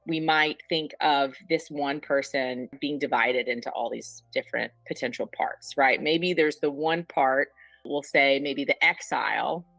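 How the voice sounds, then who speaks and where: A woman's voice: deep voice, fairly bright tone, no echo, low-quality recording. A woman therapist on a panel, explaining ideas with vivid acted-out examples. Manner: explanatory, illustrative, acts out examples. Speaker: couples therapist. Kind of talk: panel discussion.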